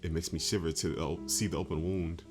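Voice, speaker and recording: A man reading aloud as a gloomy teenage schoolgirl narrator from a game, in a flat voice. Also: sits low, fairly quick, music in the background, close to an everyday voice. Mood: quiet, downcast.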